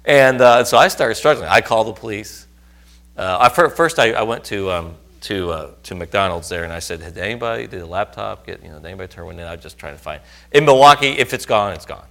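A man's voice: on the low side, lively intonation, quick pace, creaky, fairly bright tone. A middle-aged man preaching, telling a personal story earnestly and rising to emphatic outbursts. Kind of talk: sermon testimony.

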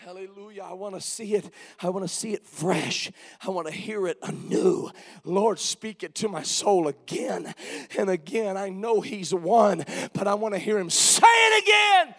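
A man preaching a sermon who moves from quiet reflection to shouted, emphatic passages. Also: high voice, moderate pace, big-room sound.

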